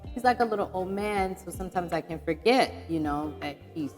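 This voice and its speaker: A woman host with a slightly low voice tells a story in a lively, rapid, chatty way. Her voice rings with a long hall reverb, and faint music plays underneath. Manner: animated, fast-talking, filler-heavy. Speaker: podcast host. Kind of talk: casual conversational storytelling.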